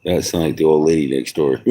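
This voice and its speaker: A man's voice: a bass voice, mellow. A tipsy man rambling and swearing through a casual livestream outdoors at home, chuckling to himself. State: intoxicated.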